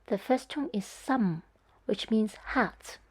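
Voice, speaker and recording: A woman's voice: a little high, expressive, slow pace, darkish tone, breathy edge. A woman narrating a scripted language lesson, speaking carefully and demonstrating tones one by one. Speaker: Cantonese teacher.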